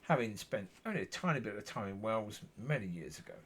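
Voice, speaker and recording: A Christian vlogger with a fairly low, husky voice talks fast, his pitch swinging widely. Speaking to camera, he gives a rambling testimony of his faith, meandering, repeating himself, and correcting himself often.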